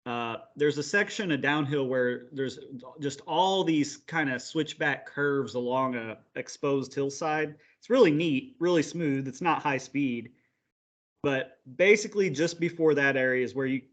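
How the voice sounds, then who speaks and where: A man co-hosting a podcast, recounting at length in a rambling, relaxed way. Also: mid-range voice, a little slow. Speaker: podcast co-host. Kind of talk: casual chat.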